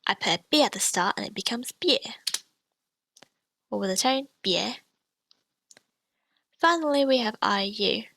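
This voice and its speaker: Woman teacher with a gravelly edge. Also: on the high side, expressive, quick pace, hardly any pauses, a bit bright, dry recording. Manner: clear, patient explanations with demonstrated sounds. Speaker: language teacher. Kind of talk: scripted lesson narration.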